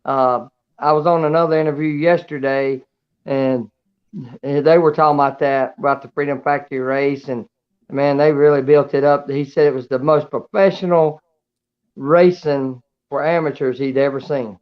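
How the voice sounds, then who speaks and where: Folksy racer calling in, slightly high voice, muffled dull line. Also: male voice, fairly even intonation, normal speed, clear, resonant tone. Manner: folksy, plain-spoken. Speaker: race winner guest. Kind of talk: casual call-in interview. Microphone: video call. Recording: dull, muffled call audio.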